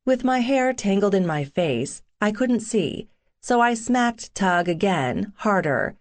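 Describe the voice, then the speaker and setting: A woman's voice: medium pitch, lively intonation, slow. A woman narrating a first-person romance audiobook in a sassy, wry tone.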